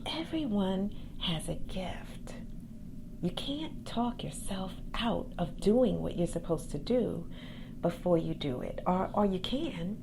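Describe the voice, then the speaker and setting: A woman hosting a podcast, giving a calm, soft-spoken motivational pep talk about faith and gifts as a coach. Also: on the low side, vocal fry, background noise. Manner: faith-based encouragement. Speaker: podcast host and accountability coach.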